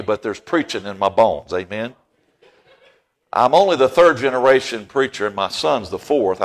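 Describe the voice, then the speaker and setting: A middle-aged man preaching a sermon in a church, folksy and joking with the congregation, rising to loud emphasis on key phrases. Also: medium pitch. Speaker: pastor. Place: church sanctuary.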